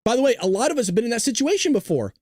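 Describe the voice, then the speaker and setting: A man hosting a live stream, ranting loudly with heavy swearing and jokes while he reads the chat. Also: very high-pitched, very animated, very fast, no room sound, studio quality. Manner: loud, ranting, profane, jokey. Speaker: livestream host.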